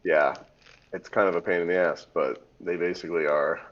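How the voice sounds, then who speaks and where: A man's voice: deep voice, fairly even intonation, normal speed, fairly bright tone, highs cut off. A man running a tabletop game as dungeon master, making laid-back rulings and laughing easily.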